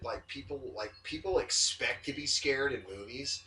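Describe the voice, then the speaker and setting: A man's voice: medium pitch, moderate pace, sharp tone, far from the mic, slight background noise. A man hosting a casual podcast from his home kitchen, rambling and joking loosely. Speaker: podcast host.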